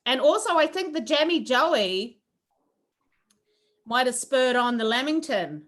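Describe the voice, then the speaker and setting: A woman's voice: high voice, expressive, measured pace. A woman teaching a cooking class over a video call, chatty and rambling with lots of fillers. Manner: rambling, friendly, with filler words.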